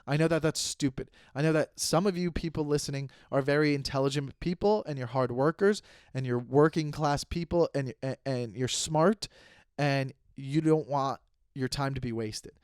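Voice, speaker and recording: A man's voice: mid-range voice, normal speed, a little mellow, clear, resonant tone, no room sound, studio quality. A man in his thirties hosting a solo comedy podcast, rambling and self-aware, making jokes and often restarting his sentences. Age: 30s. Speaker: podcast host.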